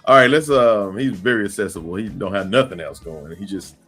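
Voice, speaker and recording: A man's voice: lowish voice, brisk, over a noisy crowd. A man hosting a casual livestream podcast, reading viewer comments aloud and laughing often. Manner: laughs often, lively and playful. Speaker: podcast host.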